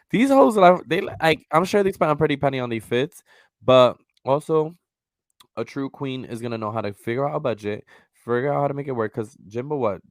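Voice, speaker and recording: Podcast co-host, male, lively and profane, close dry mic. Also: mid-range voice, dry recording. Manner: animated, profane, swings into loud mock voices. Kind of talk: casual chat.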